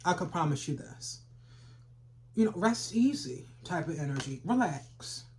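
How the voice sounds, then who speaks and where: Tarot reader, brash, profane trash talk, mid-pitched voice, noisy recording with clicks. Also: animated, moderate pace. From Philadelphia. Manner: brash and profane, trash-talking with sudden laughs. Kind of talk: casual tarot reading for viewers.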